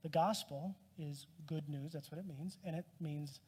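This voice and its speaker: A man's voice: a little high, normal speed, hardly any pauses, darkish tone, a little hiss or hum. A man preaching a sermon as a pastor, in a conversational, self-deprecating way with touches of humor. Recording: long reverb from a hall.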